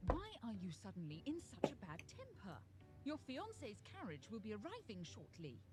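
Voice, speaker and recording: A woman's voice: mid-range voice, huge pitch swings, moderate pace, music in the background. A woman voicing a stern older aunt in a game, formal and reproachful in manner. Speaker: game character. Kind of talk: dubbed game dialogue.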